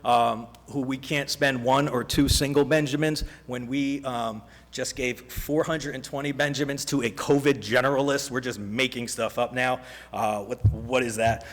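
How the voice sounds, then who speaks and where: A man giving a rambling, joking public comment at a council meeting, halting often with fillers. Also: mid-range voice, fairly even intonation. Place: council chamber. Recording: reverberant council chamber.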